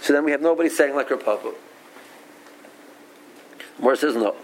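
Briskly and in a higher-pitched voice, a Talmud teacher reasons aloud during a study lecture, mixing in Aramaic and Hebrew terms with English. He often starts sentences over and repeats himself. The rough recording has a little hiss or hum.

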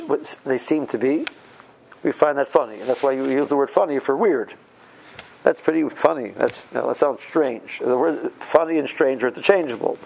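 A man's voice: medium pitch, gravelly, a little mellow, poor audio. A man teaching an informal Torah lecture, conversational and full of rhetorical questions, with Hebrew terms mixed in. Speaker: rabbi teaching Torah class.

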